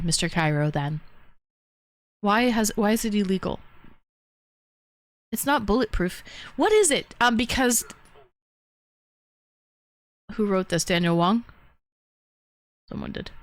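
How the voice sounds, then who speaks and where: Woman, livestream host, casual chatter, laughs, swears, mid pitch, dry close sound. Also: no room sound. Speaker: livestream host reading chat.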